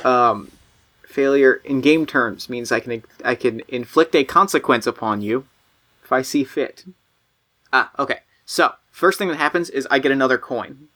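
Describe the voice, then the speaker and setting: A man's voice: medium pitch, normal speed, pushed and bright. A man running a tabletop role-playing game, narrating scenes casually with lots of fillers and restarts. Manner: casual, filler-heavy, playful. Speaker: game master.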